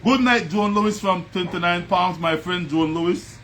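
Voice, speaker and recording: With music playing at home, a livestream host with a Belizean Creole English accent speaks in a high-pitched voice at normal speed. His stream is casual; he chats, laughs often and greets viewers by name.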